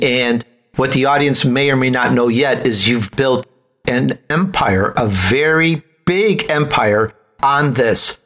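Animated man hosting an interview. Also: mid-range voice. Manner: lively, animated questioning with rising emphasis. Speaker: talk show host.

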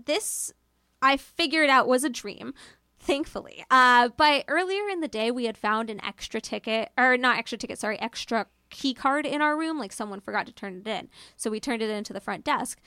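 A woman's voice: on the high side, normal speed, bright, forceful tone, no room sound, studio quality. A young woman casually telling a personal spooky story, chatty and full of fillers, swearing freely and acting out what she said. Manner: chatty, filler-heavy, swears freely, acts out her own quotes.

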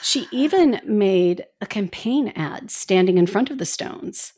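A woman's voice: mid-range voice, animated, measured pace, dark tone. A woman co-hosting a casual podcast with a faint Indiana accent, ranting sarcastically and swearing freely. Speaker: podcast co-host.

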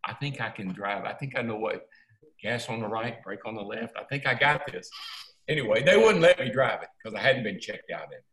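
A man's voice: fairly low pitch, brisk, echoey room, poor audio. Folksy older man telling a story. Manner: folksy, animated, acts out quotes. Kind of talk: casual storytelling.

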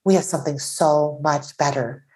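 A Taiwanese-born woman, an author and podcast guest, talking earnestly in an animated conversational way. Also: low-pitched, moderate pace, slight background noise, rough recording.

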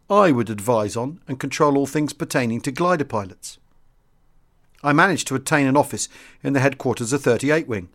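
Man reading a memoir, measured and formal. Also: mid-range voice, a bit bright. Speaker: audiobook reader. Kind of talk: scripted memoir narration.

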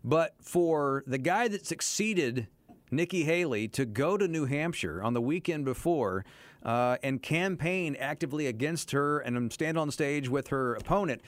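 A man's voice: on the high side, animated, unhurried. A man hosting a morning radio show, chatting casually about politics and chuckling between points. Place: radio studio.

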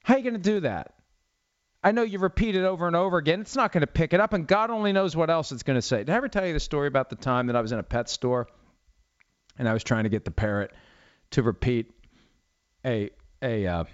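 This middle-aged man hosts a football talk show, and his voice is a bit high and quick. He rambles through his stories with a wry, sarcastic edge in a casual sports commentary monologue, heard on slightly dull lo-fi audio.

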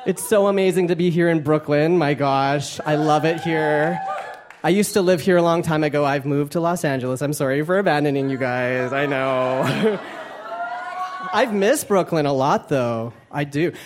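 Young male comedian, campy and playful, lively pitch, live club with faint audience laughter. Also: moderate pace, crowd noise, noisy background. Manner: campy, playful, self-mocking. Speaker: stand-up comedian. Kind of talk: stand-up comedy set.

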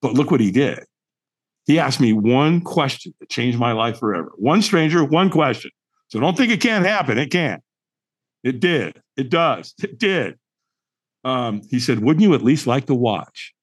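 A middle-aged man, a podcast guest, telling a personal story in an animated, emphatic way and acting out the dialogue. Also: mid-range voice, a little slow, slightly rough. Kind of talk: storytelling in conversation.

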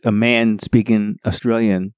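A man co-hosting a casual chat, easygoing and a little halting. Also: on the low side, fairly even intonation, a little mellow, no echo, studio quality.

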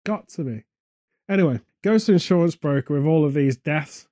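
A man co-hosting a comedy podcast, rambling through absurd deadpan tangents in casual chat. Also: a little high, moderate pace, dry recording, studio quality. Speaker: podcast co-host.

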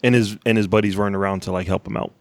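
A man co-hosting a podcast in casual chat, enthusiastic and animated, swearing freely. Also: lowish voice, very fast, creaky, no room sound. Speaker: podcast co-host.

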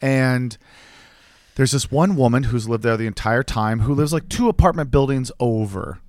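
A young man in casual chat, telling a story with animated quoted voices. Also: medium pitch, normal speed, no room sound, studio quality. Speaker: podcast co-host.

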